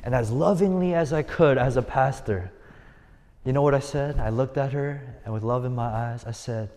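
Male youth pastor, mid-pitched, earnest storyteller who hammers points through repetition; reverberant hall. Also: normal speed, warm tone. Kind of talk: sermon.

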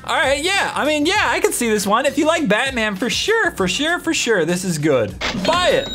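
A young man hosts a casual product-review vlog with goofy, excitable humor. His voice sits in a middle register but swings widely as he jokes. Music plays clearly behind him. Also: very high-pitched, normal speed. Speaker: host.

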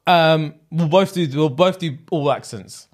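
A man's voice: on the high side, measured pace. A man co-hosting a podcast, chatting casually and playfully with lots of laughter. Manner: lively, laughs a lot, playful banter. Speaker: podcast co-host. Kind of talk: casual chat.

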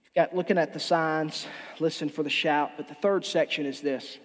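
A man's voice: on the high side, steady tone, moderate pace. A male pastor preaching a sermon, impassioned and emphatic, stumbling over repeated restarts, heard in a church with long reverb.

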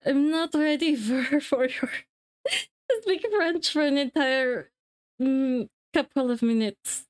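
A woman's voice: sits high, animated, slow. A woman live-streaming to her viewers in casual chat, rambling and giggling, restarting her sentences as she fiddles with settings.

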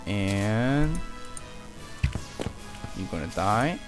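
A young man commenting on his own gameplay as he plays, muttering to himself and yelling taunts at enemies. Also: fairly low pitch, animated, very slow. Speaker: let's play gamer. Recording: game music loud behind the voice.

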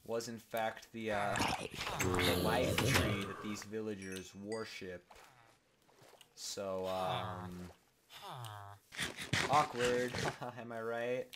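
A man giving goofy, rambling, mock-dramatic commentary while playing a video game, with sudden bursts of shouting. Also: lowish voice. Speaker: gaming video host. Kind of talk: comedic Let's Play commentary. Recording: noisy home recording with keyboard clicks.

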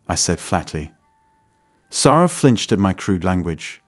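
A man telling a first-person story in a measured, scripted narration. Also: sits low, big pitch swings, no room sound, clean studio sound, faint music behind.

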